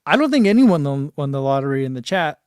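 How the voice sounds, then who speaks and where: This running channel host, a man in his forties, has a fairly high voice with big pitch swings and a clean tone, recorded studio-quality with no echo. He talks fast on a casual live stream, reading viewer comments aloud, chatting, and laughing frequently.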